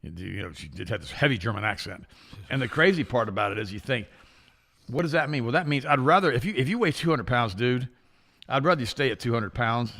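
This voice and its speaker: Fast, gravelly older man lecturing. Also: mid-range voice, animated, a bit bright. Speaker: co-host. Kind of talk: animated talk show banter.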